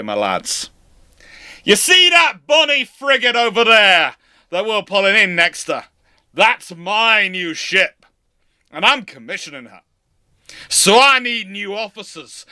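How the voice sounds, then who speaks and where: A man voicing a hearty male naval first lieutenant who rallies his crew with a jovial sales pitch. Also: pushed and bright, clear, resonant tone, no echo, clean studio sound, full character voice.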